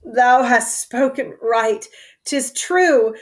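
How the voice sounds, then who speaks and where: A woman reading the part of a defeated, dying schemer, in a measured and resigned verse reading. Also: a little high.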